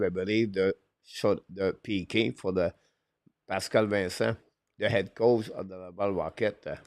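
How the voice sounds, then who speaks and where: A man with a fairly low voice calls a hockey game play-by-play for a live stream. He stumbles along with many "uh" fillers, broken phrasing and quick apologetic corrections. The sound is dry and close, with no room in it. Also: no echo. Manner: halting, frequent "uh" fillers, broken English phrasing. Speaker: play-by-play commentator and show host.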